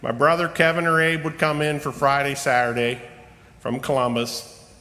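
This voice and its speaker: A middle-aged man giving a rambling personal sermon in a church, humorous and self-deprecating, slowing down for emphasis. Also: mid-range voice, level tone, bright, forceful tone. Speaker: lay preacher. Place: church sanctuary. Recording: long reverb of a church hall.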